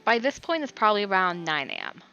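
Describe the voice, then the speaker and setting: A woman narrating as game master in a tabletop role-playing game, relaxed, with fillers. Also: medium pitch, fast, highs cut off, a little hiss or hum.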